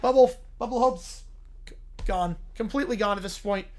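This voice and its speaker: A man hosting a casual live stream, tossing quick, low-key asides about the game. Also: darkish tone.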